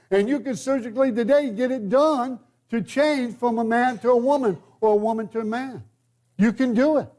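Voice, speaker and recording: A man's voice: high-pitched, darkish tone. An older man preaching a sermon in a church, in a conversational way, putting questions to the congregation.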